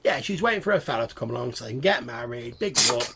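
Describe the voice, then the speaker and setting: A man runs a tabletop game as game master, narrating casually and swearing freely. His voice is gravelly, set against a faint hum of ambient noise. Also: mid-range voice, animated, quick pace.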